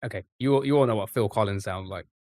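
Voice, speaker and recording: A man's voice: lowish voice, fast, darkish tone, no room sound. A young English man with an English accent, chatting casually and rambling as he jokes with his live-stream chat. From England.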